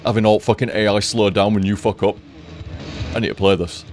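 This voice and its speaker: A man's voice: fairly low pitch, fairly even intonation, fairly quick, a little mellow, soft background music. Sweary man chatting over gameplay. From United Kingdom. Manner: chatty and sweary, laughs at his own jokes. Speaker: gaming streamer. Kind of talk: casual chat while playing.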